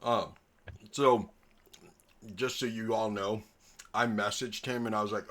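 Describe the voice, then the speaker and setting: Bright-voiced male dungeon master. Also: lowish voice, fairly even intonation, unhurried, long pauses. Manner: laughing, storytelling, swears casually. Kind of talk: casual chat at a tabletop game.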